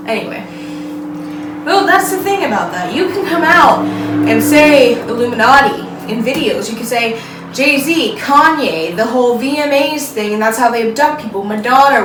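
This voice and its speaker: A woman's voice: a little high, a bit bright. A woman chatting casually as co-host, rambling, giggling and losing her train of thought. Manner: giggly, rambling, loses track. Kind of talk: casual chat. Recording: roomy, distant mic, faint background noise.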